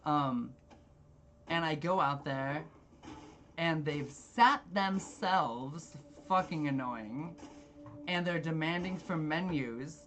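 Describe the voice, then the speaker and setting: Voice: medium pitch, slow pace, fairly bright tone, soft background music. A gamer telling a long story while playing, rambling and exasperated, swearing freely. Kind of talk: casual storytelling with gameplay.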